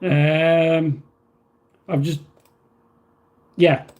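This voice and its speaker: A man's voice: a little high, little pitch movement, drawn-out words, a little mellow, lo-fi sound. A man hosting a casual livestream, reading viewer messages aloud and answering them in a rambling, filler-heavy way. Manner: rambling, with many fillers and restarts. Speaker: livestream host.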